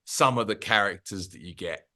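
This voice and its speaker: A man's voice: fairly low pitch, normal speed, crowd noise. Man, podcast co-host, chatty anecdotes, laughs along. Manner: chatty storyteller, laughs at his own anecdotes. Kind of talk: casual chat.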